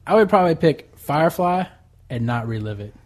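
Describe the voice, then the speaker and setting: A man's voice: on the high side, expressive, brisk, darkish tone. Man asking offbeat questions. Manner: asks offbeat questions, laughs often. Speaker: podcast host asking questions. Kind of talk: casual chat.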